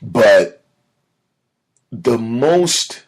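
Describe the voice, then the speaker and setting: A man hosting a casual solo podcast, telling a personal story in an animated way that sinks to a low mutter when he is upset. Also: drawn-out words, breathy edge. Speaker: podcast host.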